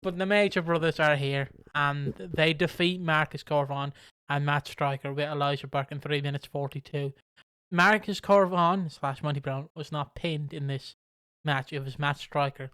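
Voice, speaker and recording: A man co-hosts a wrestling podcast in a rambling, casual way, swearing as he goes. His voice is smooth and resonant. It sits close in a dry, dead space. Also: on the high side, moderate pace, a bit bright, no room sound. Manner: rambling, profane, frequent voice impressions. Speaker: podcast co-host. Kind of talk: casual chat.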